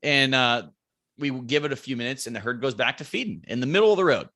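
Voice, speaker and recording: Bright-voiced man telling a hunting story. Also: medium pitch, fast. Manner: animated storyteller acting out quotes, swears freely. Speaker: podcast guest.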